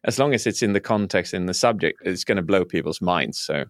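A man's voice: low voice, expressive, a little fast, dry recording, studio quality. A man who works as a speaking coach, explaining his methods earnestly in a conversational interview.

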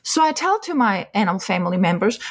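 A woman's voice: mid-range voice, big pitch swings, quick pace, slightly rough. A woman guest in an interview, patiently explaining her ideas with everyday examples. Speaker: animal communicator guest.

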